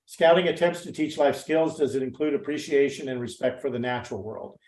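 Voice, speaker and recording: A man's voice: mid-range voice, a little fast, a little mellow. Earnest older man presenting, echoey room. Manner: earnest, heartfelt, with many restarts. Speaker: guest presenter, nature interpreter. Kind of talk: presentation to educators.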